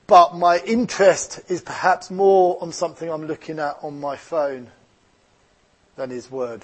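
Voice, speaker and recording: A man's voice: fairly high pitch, darkish tone, breathy edge. A man with an Essex English accent preaching a sermon as a pastor, earnest and reflective, mixing scripture with personal stories.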